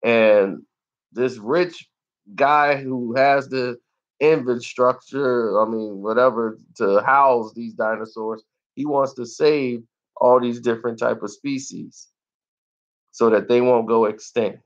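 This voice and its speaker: A man reviewing a movie in casual talk, animated and laughing often as he acts out scenes. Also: mid-range voice, takes it slowly, lo-fi sound.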